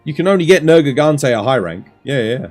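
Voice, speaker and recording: A young Australian streamer and coach chats in a laid-back way during a gameplay stream, explaining tips to viewers. His mid-range voice is expressive and quick, with soft music playing behind him.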